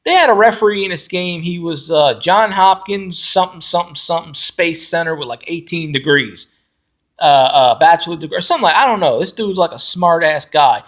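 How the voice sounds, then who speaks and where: A man ranting as a football fan, loud and profane, with lots of fillers and restarts. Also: fairly high pitch, animated, brisk. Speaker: fan commentator.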